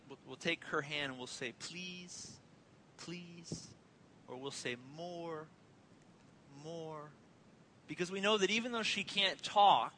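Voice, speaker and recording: A man's voice: fairly high pitch, sharp tone, slight background noise, rough recording. A man in his thirties preaching a sermon as a pastor, conversational and joking, telling family stories.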